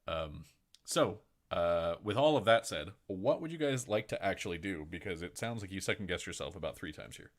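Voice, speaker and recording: A man's voice: low voice, lively intonation, moderate pace. A man running a tabletop game as game master, chatty and rambling, laughing often.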